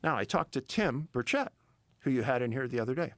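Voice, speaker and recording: A man's voice: mid-range voice, expressive, brisk, fairly bright tone, dry recording. A middle-aged man telling a story in a casual interview, emphatic and building tension. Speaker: podcast guest, missing-persons researcher.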